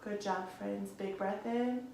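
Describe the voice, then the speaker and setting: A woman's voice: medium pitch, steady tone, takes it slowly, vocal fry, a little mellow, slight background noise. A young woman teaching a guided yoga class, speaking in a soothing, encouraging way and calling her listeners friends. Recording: echoey room from a distance.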